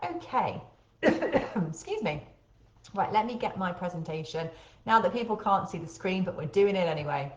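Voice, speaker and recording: A woman's voice: fairly low pitch, very animated, normal speed, muffled recording. A woman with a light Birmingham accent hosting a casual live webinar, chatty and full of ums. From Birmingham, England. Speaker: host. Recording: echoey room.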